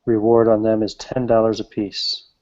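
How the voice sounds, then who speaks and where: Mellow-voiced man running a tabletop game. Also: fairly low pitch, completely flat delivery. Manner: halting, many fillers. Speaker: game master. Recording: slightly muffled lo-fi recording.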